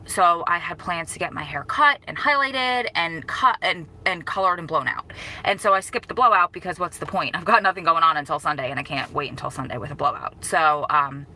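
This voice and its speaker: A woman's voice: deep voice, a little fast, sharp tone, rough recording. A woman in her thirties talking casually to her viewers in a live-stream update, emotional and rambling, correcting herself and breaking off to greet people. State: grieving, emotional. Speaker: vlogger.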